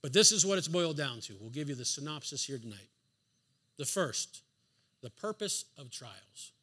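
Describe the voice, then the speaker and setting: A man's voice: mid-range voice, sing-song, moderate pace, sharp tone, husky. A man preaching a sermon in a church, driving home his points with emphatic rhetorical questions and the odd dry sarcastic aside. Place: church sanctuary.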